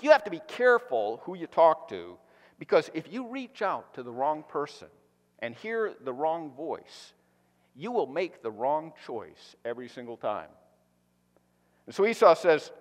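A male pastor preaching a sermon, animated, swinging from loud emphatic bursts to quiet, hushed points. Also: fairly high pitch. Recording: reverberant hall.

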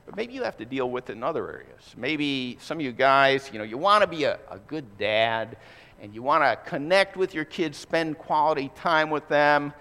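A man preaching in a church sanctuary, his voice fairly high for a man and swinging widely up and down as he talks. He keeps it conversational, tossing rhetorical questions to the congregation. A long reverb trails behind every phrase in the big hall. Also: fairly bright tone. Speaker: pastor. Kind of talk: sermon.

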